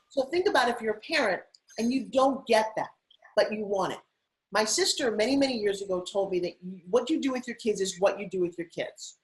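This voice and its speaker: A middle-aged woman guest telling stories in an interview, animated and putting on voices now and then. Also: fairly high pitch, brisk, rough recording. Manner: animated, acts out her kids' voices. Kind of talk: interview storytelling.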